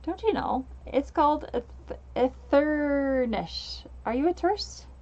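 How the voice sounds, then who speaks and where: A woman's voice: high voice, expressive, a little slow, a little mellow. A woman voicing a friendly, welcoming newspaper seller, heard through a dull lo-fi mic.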